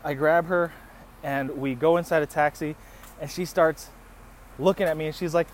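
A man in his thirties tells a story in a slightly high voice, swearing freely and laughing as he goes. He talks outdoors near a street, with faint traffic rumbling behind him. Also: moderate pace. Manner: profane, animated storytelling with laughs. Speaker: podcast host. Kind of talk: storytelling, casual. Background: passing traffic noise.

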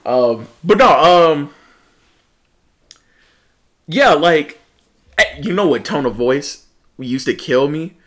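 A young man in casual chat, telling lively stories, mimicking people and laughing often. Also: a little high, slow, long pauses. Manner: animated storyteller, mimics people, laughs a lot, swears.

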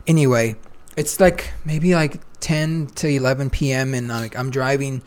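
A young man hosting a podcast, telling a rambling story in a casual, animated way, full of "like" and "dude". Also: mid-range voice, moderate pace. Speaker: podcast host.

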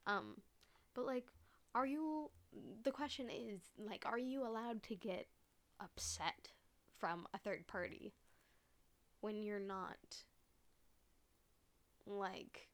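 A woman's voice: medium pitch, slow, long pauses. A young woman hosting a casual solo podcast, rambling with constant "like" fillers and swearing, sometimes choked up and near tears. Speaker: podcast host.

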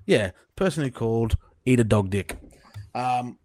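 Crude swearing Australian podcast host. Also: male voice, mid-range voice, expressive, unhurried, a little mellow. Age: young adult. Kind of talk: casual podcast chat.

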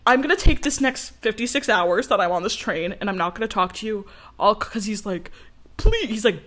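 A woman in her twenties, a podcast co-host, telling a story in casual chat. She is animated, laughs often and acts out the people she quotes. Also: medium pitch, a little fast.

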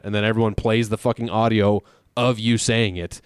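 A man co-hosting a casual sports betting podcast, animated and profane, laughing often. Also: medium pitch, quick pace, clean tone, dry recording, clean studio sound. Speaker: podcast co-host.

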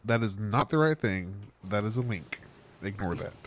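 A man's voice: lowish voice, expressive, moderate pace. A man co-hosting a podcast, rambling in casual chat and often losing his train of thought with a laugh. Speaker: podcast co-host.

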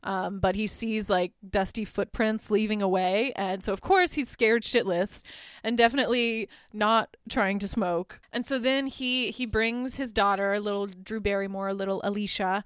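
A podcast host recaps a movie with casual sarcasm, swearing freely and saying "like" all the time. Her medium-pitched voice is clear and resonant at a moderate pace, recorded in clean studio quality with no room sound.

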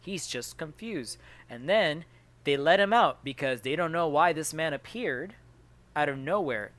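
A man's voice: a little high, animated, measured pace, a bit bright, dry recording. A man co-hosting a podcast, recapping a movie in casual chat with rambling, self-interrupting storytelling. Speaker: podcast co-host.

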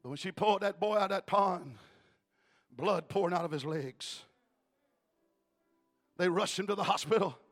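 A male evangelist preaching in a church, telling a story emphatically and rising to shouts. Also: sits high, normal speed, long pauses, soft background music. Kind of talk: storytelling sermon.

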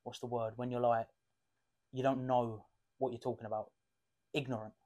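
A man's voice: medium pitch, little pitch movement, normal speed, dark tone, muffled recording. Sweary young man. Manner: passionate, sweary, searches for words. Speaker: podcast co-host. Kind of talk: casual chat.

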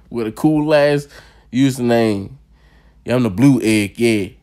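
A man hosting a podcast, telling stories in loud, profane, laughing banter. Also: mid-range voice, drawn-out words. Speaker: podcast host.

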